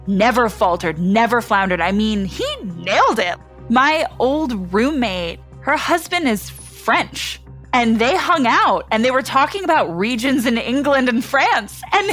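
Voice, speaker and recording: A young adult woman with a mid-range, slightly bright voice candidly tells her own story in a chatty way. She fills it with lots of "like" and acts out what people said, with no room sound.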